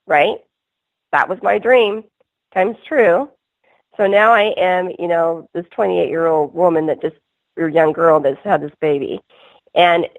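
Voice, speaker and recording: A woman speaks over a narrow, phone-like line with no room sound at all. Her voice sits on the low side for a woman. She tells her story earnestly as a radio guest, circling back and restarting her sentences. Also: dry recording. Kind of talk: call-in radio interview.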